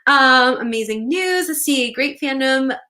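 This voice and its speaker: A young woman hosting a casual livestream, bubbly and excitable, reading out viewer comments and squealing with delight. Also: high voice, measured pace. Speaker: author and livestream host.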